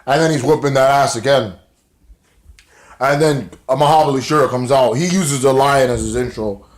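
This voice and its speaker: A man in a casual video review, rambling through a show recap with loose, profanity-laced slang. His voice sits at an ordinary middle pitch. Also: moderate pace.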